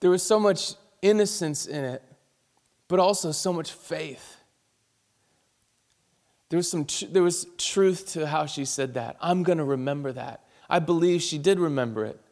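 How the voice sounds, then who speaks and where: A man's voice: fairly high pitch, a little slow, pauses often, darkish tone, big-room sound. A man, a pastor, preaching a sermon and telling a personal story in an earnest, heartfelt way.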